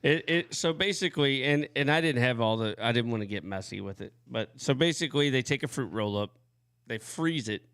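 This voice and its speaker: A man co-hosting a loose chat show, quick to get excited and full of casual slang. His voice sits at an ordinary pitch, and he keeps laughing between lines. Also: clean tone. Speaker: co-host.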